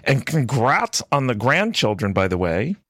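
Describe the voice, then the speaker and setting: A man with a mid-range voice hosts a relaxed interview and laughs along with his guest. The sound is dry and close, with no room echo. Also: mid-range voice, a little slow. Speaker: interviewer host. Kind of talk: casual interview.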